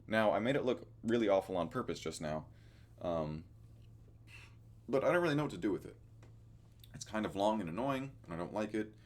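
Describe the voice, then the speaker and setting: Young male vlogger with a deep, low voice, casual and meandering, easygoing, pokes fun at himself. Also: expressive, a little fast, darkish tone. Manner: rambling, loses his train of thought; easygoing and self-deprecating. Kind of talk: casual weekly recap vlog.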